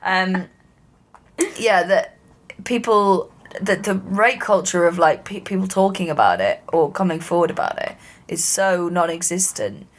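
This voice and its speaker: A woman's voice: on the low side, lively intonation, normal speed. A woman co-hosting a comedy podcast, telling stories in a sweary casual chat and acting out the quotes. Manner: sweary, storytelling, acts out quotes.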